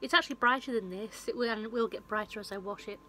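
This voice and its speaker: Speaking quickly in a fairly high voice, a vlogger and film reviewer casually retells a movie plot full of fillers and restarts. It's a phone recording with background noise.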